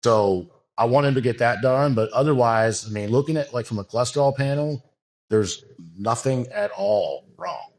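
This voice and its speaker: A bodybuilding coach speaks earnestly in a relaxed podcast chat, his medium-pitched, slightly mellow voice moving at a normal speed. His sentences run long and loose, packed with fillers.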